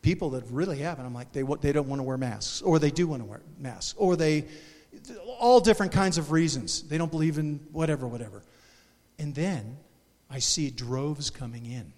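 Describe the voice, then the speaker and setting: A man preaching a sermon as pastor in a church, animated and emotional, with restarts and sudden loud bursts. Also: a little high, moderate pace, big-room sound. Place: church sanctuary.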